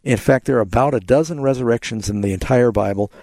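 A man's voice: medium pitch, fast, a little mellow, no echo. A man hosting a call-in radio Bible program, confidently explaining scripture to callers.

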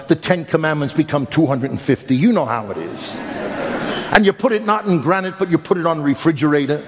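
Animated preacher in an echoing hall. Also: male voice, noisy background. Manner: animated storytelling with humor and big pitch swings. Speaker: pastor. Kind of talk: sermon with personal story. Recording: echoey hall with faint ambience.

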